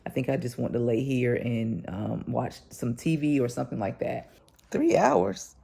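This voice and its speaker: A woman talking casually to her viewers about what she is reading. Her voice has a gravelly creak. She is chatty and full of fillers, and she laughs easily. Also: a bass voice, fairly even intonation, normal speed, mellow. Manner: chatty, laughs often, lots of fillers and "y'all". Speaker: book vlogger. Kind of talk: casual chat to camera.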